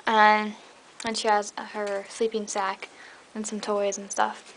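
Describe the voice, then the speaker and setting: A woman's voice: monotone, slow pace, a bit bright, slight background noise, rough recording. A tired young woman rambling through a casual tour of her pets' cages at home, filled with fillers. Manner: rambling, chatty, many fillers; high coaxing voice when calling her pets. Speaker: pet vlogger. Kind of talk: casual pet cage tour. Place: indoor room at home. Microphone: handheld camera mic.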